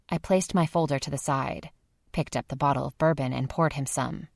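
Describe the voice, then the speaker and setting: A woman narrates an audiobook at a steady, even pace. Her voice is low with a gravelly edge. The recording is dry and close. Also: moderate pace, no echo. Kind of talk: scripted narration.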